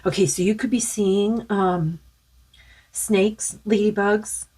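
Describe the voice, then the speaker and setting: A woman's voice: medium pitch, fairly even intonation, slow, a little mellow, breathy edge. A woman doing a spiritual tarot card reading in a rambling, musing way with many fillers, saying she is losing her voice.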